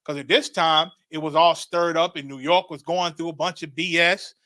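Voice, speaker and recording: A middle-aged man tells his story with a hard, forceful edge and a fairly high voice. He preaches it like testimony, repeating phrases and climbing into excited shouts. The sound is close and dry. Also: normal speed, no echo. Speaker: religious teacher.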